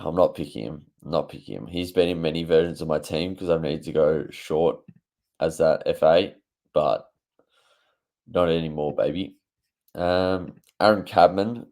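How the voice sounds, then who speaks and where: Low gravelly young man. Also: a little mellow. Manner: chatty, offhand, many fillers. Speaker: fantasy football YouTuber. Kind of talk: casual talk to camera.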